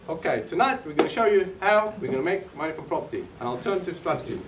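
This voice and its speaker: A young man with a Bulgarian accent giving an energetic, motivational seminar talk in a hotel function room, recorded from afar. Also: fairly high pitch, quick pace, few pauses, far from the mic, over a noisy crowd. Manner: energetic, rallying the audience. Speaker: seminar co-presenter. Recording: echoey dull room recording with noise from afar.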